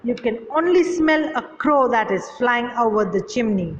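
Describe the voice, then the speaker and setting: A woman's voice: a little high, lively intonation, moderate pace, slight background noise, close to an everyday voice. A woman voicing a nervous old giantess wife who insists with repeated denials while reading a story aloud in an echoey hall. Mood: insistent. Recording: echoey hall, dull lo-fi sound.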